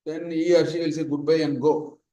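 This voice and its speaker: A man's voice: a little high, level tone, a little fast, dark tone, echoey room, highs cut off. A man teaching a Vedanta lesson in a conversational, digressive way, telling stories and quoting Sanskrit verses. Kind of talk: spoken scripture lesson.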